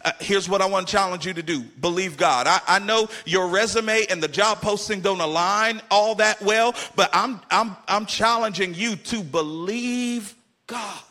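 A man's voice: high voice, normal speed, bright, forceful tone. A middle-aged man preaching a sermon as pastor, with emphatic delivery that repeats key phrases.

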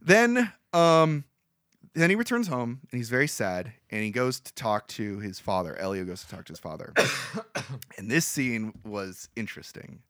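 A man of middle pitch chats casually on a podcast, walking through a movie's plot scene by scene. He rambles and restarts with plenty of fillers, and his voice keeps rising and falling as he tells it. The sound is dry and close, with no room around it. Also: moderate pace, clear, resonant tone, no room sound. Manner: rambling, animated storytelling with many fillers. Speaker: podcast co-host. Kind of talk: casual chat retelling a movie.

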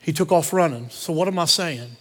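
A pastor preaching a sermon, driving points home through repetition and telling personal stories. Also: male voice, on the high side, a little fast, fairly bright tone. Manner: repetitive emphatic preaching cadence. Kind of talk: sermon with storytelling. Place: church sanctuary. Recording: long reverb of a church hall.

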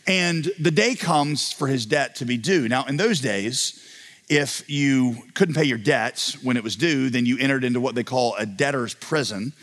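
A man preaching a sermon as a pastor, telling a parable with animated storytelling and acting out the voices of its people. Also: mid-range voice, normal speed, big-room sound.

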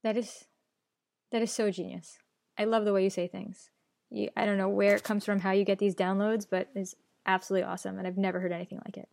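A woman's voice: medium pitch, little pitch movement, quick pace, gravelly, a little mellow, no room sound. Effusive woman podcast host. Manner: effusive, enthusiastic praise. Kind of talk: interview chat.

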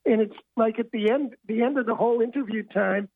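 An older man, a book author, is a guest on a phone-in radio interview, telling long, rambling anecdotes and often restarting his sentences. His voice is extremely high-pitched and a little fast, with no echo, and it comes through a telephone on a tinny line.

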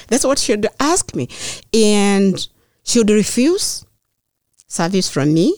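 A middle-aged woman, a guest telling personal stories in an earnest, measured way with thoughtful pauses. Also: mid-range voice, sing-song, darkish tone, no room sound, studio quality. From Kenya. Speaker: mayoral candidate, guest. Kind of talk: personal storytelling in conversation.

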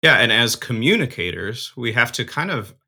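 A man's voice: medium pitch, big pitch swings, normal speed, bright, forceful tone. A man hosting and producing a podcast, talking in an upbeat, friendly way with casual fillers.

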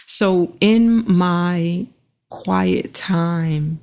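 A woman giving an earnest, measured reflective monologue that leads the listener through slow breathing, pausing between phrases. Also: fairly low pitch, vocal fry, a little mellow.

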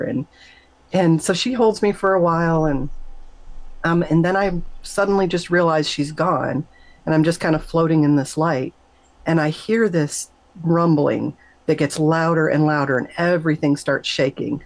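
A middle-aged woman, a nurse, telling an emotional personal story in an interview, animated and emphatic, her voice leaping up whenever she quotes herself. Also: measured pace, no echo, poor audio. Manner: animated, emphatic, jumps high when quoting herself. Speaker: guest, nurse.

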